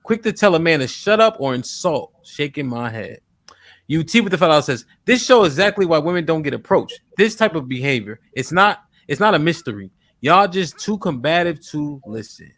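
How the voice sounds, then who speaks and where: A man's voice: a little high, big pitch swings, normal speed, fairly bright tone, no room sound, clean studio sound. Casual man reading donor messages. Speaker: podcast host. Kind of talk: live-stream talk show, reading super chats. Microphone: studio mic.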